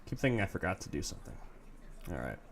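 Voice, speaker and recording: A man playing a video game and chatting casually, sometimes swearing, and reading the on-screen text aloud in a slower, more dramatic way. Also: low voice, very animated, a little hiss or hum. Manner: casual and profane, slows down to read narration dramatically. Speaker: game streamer.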